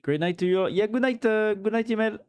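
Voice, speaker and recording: A man with a high, clear, resonant voice speaks fairly quickly. He's a French-accented streamer in a casual live chat, reading messages aloud and thanking followers. His talk rambles loosely, full of fillers and giggles.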